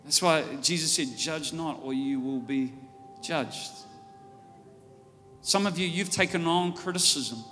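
An Australian man preaching a sermon, telling stories and building up to loud, fervent preaching. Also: on the high side, unhurried. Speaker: pastor. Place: church auditorium. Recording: church hall reverb with faint music.

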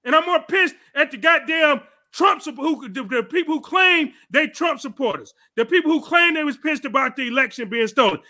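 A man hosting a podcast, giving heated, profane political commentary and shouting angrily. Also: very high-pitched, expressive, moderate pace, few pauses. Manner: angry, shouting, profane ranting. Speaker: podcast host.

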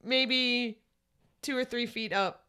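A woman's voice: a little high, slow pace, pushed and bright, smooth, dry recording, clean studio sound. Teasing woman co-host. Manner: teasing, joking. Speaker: podcast co-host. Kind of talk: casual chat.

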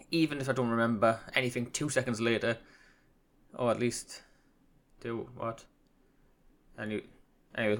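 A man talking alone on his podcast in a casual, meandering way. His voice sits at an ordinary middle pitch, and he pokes fun at himself, trailing off and restarting as he goes. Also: fairly bright tone. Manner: rambling and self-deprecating, with hesitations. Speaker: podcast host. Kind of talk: casual solo podcast monologue.

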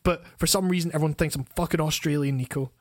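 A young man with a Scottish accent chats casually, his voice sitting a little high and sounding dry and close. He tells rambling, profane stories and laughs often. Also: fast, no room sound. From Scotland. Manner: profane, animated storytelling with frequent laughs. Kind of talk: casual chat.

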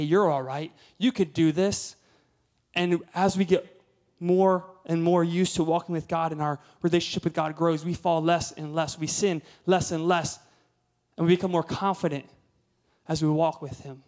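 Male guest preacher, thirties, slightly high voice; storytelling sermon that swells to loud peaks. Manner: storytelling, rising to emphatic peaks.

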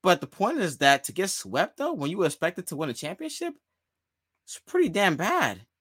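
A man hosting a sports talk podcast, animated and emphatic, repeating his key phrases on a close mic. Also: high-pitched, moderate pace, breathy edge, dry recording. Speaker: podcast host.

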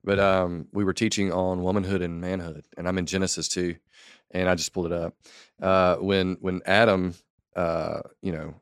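A man's voice: deep voice, level tone, normal speed, clear, resonant tone, no room sound, clean studio sound. A man with a Southern American accent who is a pastor, talking in an easygoing, earnest way. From Southern Georgia, US. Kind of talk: casual chat.

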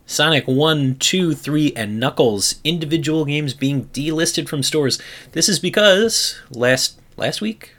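A man's voice: a little high, lively intonation, slow, fairly bright tone. A man hosting a casual podcast, joking and rambling as he reads out gaming news. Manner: joking, rambling, with frequent restarts and bursts of laughter. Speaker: podcast host reading the news segment. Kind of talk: casual chat.

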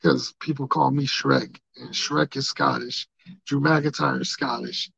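Rowdy rambling podcast host, gravelly voice. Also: male voice, medium pitch, steady tone, a little slow, no echo. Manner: loud, rambling, joking, slangy. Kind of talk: casual podcast banter. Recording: dull lo-fi podcast audio.

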